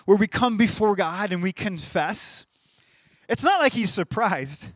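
A man's voice: sits high, lively intonation, unhurried, no room sound, studio quality. A man in his thirties giving a sermon in a conversational way, often repeating words as he starts a phrase. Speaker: pastor.

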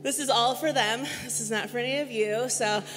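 A woman with a fairly high voice speaks from a church stage, chatty and self-deprecating, scattering fillers through her stories. Her voice rings out with a long hall reverb, and faint music sits underneath. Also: steady tone, a little fast. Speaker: guest speaker filling in for the pastor. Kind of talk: casual church sermon.

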